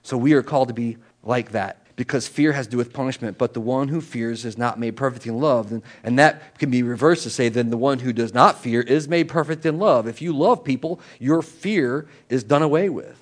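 A middle-aged pastor delivers a conversational sermon, animated and chatty, with abrupt leaps in pitch and volume, repeated words, and asides. He talks a little fast and rarely pauses.

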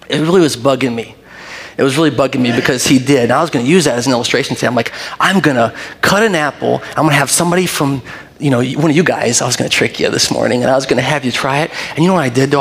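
A middle-aged man preaching in a church, his voice carrying through a hall with long reverb. He tells stories in an animated way, laughs often, and then settles into prayer. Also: mid-range voice. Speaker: pastor. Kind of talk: sermon. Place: church sanctuary.

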